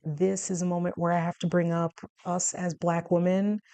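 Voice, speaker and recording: A woman's voice: flat delivery, normal speed, mellow, clear, resonant tone, dry recording. A woman in her forties from the United States, talking casually to camera about her health and laughing often. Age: 40s. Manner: chatty, laughs often, acts out dialogue with big jumps in pitch. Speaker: health vlogger.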